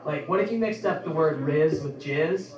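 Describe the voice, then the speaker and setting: A young adult man performing a stand-up comedy set in a club, in an offhand, halting delivery full of ums. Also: fairly high pitch. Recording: echoey club from a distance.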